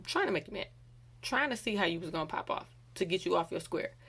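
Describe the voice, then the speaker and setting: A woman giving a casual devotional talk, animated and acting out quoted voices. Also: on the low side, quick pace, gravelly, husky. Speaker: bible study teacher.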